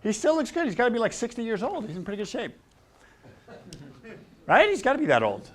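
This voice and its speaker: A man in his sixties talks to a live audience in a slightly high voice, spinning anecdotes from his life as a chiropractor. He acts out the voices in his stories and keeps quizzing the crowd. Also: huge pitch swings, brisk, a bit bright. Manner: storytelling, acting out quoted voices, quizzing the crowd.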